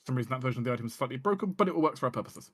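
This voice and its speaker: A man narrating a tabletop game as game master, with measured descriptive narration. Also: medium pitch, animated, fairly bright tone, slight background noise.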